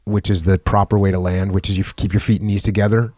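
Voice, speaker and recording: A man's voice: sits low, little pitch movement, fast talker, mellow, dry recording, studio quality. A man hosting a podcast, telling stories casually and laughing as he talks. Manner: laughing, storytelling. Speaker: podcast host. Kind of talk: casual conversation, reading passages aloud.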